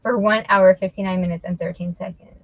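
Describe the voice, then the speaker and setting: A woman's voice: mid-range voice, steady tone, brisk, dry recording, lo-fi sound. A middle-aged woman hosting an online reselling show, chatting playfully and teasing her viewers while she lists items. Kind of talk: casual live-stream chat while listing items.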